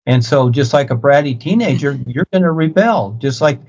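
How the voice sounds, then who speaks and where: A man's voice: medium pitch, animated, normal speed, darkish tone. Brief: man, spiritual teacher type, lecturing over a dull video call, repeats himself, keeps pressing his point. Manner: insistent, repetitive, preachy. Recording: muffled video-call audio.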